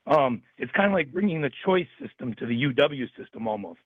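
A man calling in to a talk radio show, his voice hoarse and worn out, making a long point. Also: mid-range voice, lively intonation, fairly quick, no room sound. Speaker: caller. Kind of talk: call-in comment on talk radio. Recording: phone line.

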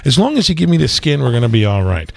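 A man's voice: medium pitch, big pitch swings, quick pace, creaky, darkish tone, dry recording. A man co-hosting a talk radio show, chatting casually with many restarts and fillers. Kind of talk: casual on-air banter.

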